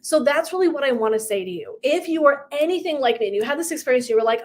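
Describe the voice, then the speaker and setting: A woman's voice: high-pitched, expressive, quick pace, darkish tone, a little hiss or hum. Effusive middle-aged woman coach. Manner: effusive, emphatic, tangents and asides. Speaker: purpose and legacy coach. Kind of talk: casual motivational talk to viewers.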